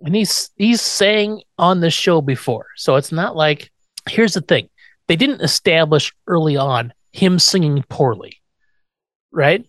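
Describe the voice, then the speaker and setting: A man's voice: a little high, expressive, unhurried, fairly bright tone, no echo. A man co-hosting a podcast, casually retelling a TV episode and acting out the characters' lines with laughs. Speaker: podcast co-host. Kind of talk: casual chat recapping a TV episode.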